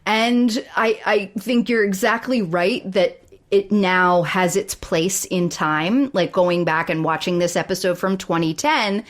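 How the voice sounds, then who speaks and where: A woman co-hosting a podcast in casual chat about sitcoms, animated and acting out quoted lines. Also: medium pitch, a little slow. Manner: animated, acts out quoted lines in big voices. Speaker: podcast co-host.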